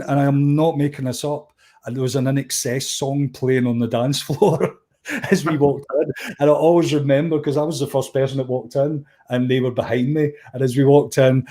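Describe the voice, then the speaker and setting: A middle-aged Scottish man, a musician and DJ, telling anecdotes as an interview guest and acting out the people in his stories. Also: medium pitch. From Scotland. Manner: animated anecdote-telling, acts out quoted voices, frequent restarts. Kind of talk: conversational storytelling.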